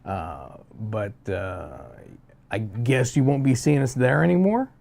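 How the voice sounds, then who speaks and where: A man's voice: mid-range voice, lively intonation, slow, creaky, darkish tone. A man co-hosting a casual talk show, upbeat and chatty with plenty of fillers. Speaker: podcast co-host. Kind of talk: casual chat.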